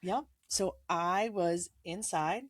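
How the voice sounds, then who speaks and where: Woman podcast co-host, low voice, dry close mic, animated storyteller who acts out the quotes. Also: takes it slowly, dry recording. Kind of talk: casual chat.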